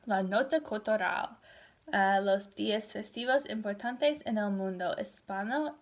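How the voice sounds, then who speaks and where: A tired woman in her thirties teaching a recorded Spanish class, switching between English and Spanish in a relaxed, chatty way. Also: fairly high pitch. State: tired, yawning. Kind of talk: recorded lecture.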